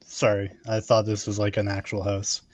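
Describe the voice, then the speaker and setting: A man's voice: lowish voice, monotone, normal speed. A man playing a tabletop game, laid-back and joking. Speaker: player. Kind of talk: casual tabletop play.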